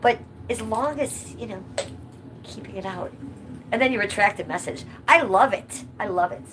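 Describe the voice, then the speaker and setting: At a normal speed and medium pitch, a livestream host reads viewer comments and chats casually, speaking bluntly and cursing freely. The background is noisy.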